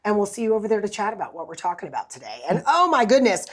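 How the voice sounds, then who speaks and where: A woman's voice: medium pitch, sing-song, rapid-fire, background noise. Woman co-host for a political talk show, earnest and emphatic delivery.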